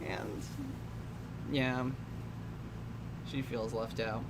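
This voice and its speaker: A woman's voice: a bass voice, flat delivery, drawn-out words. A young woman giving casual, wry commentary over a film, laughing often and trailing off mid-sentence. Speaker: commentary host. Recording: faint background noise.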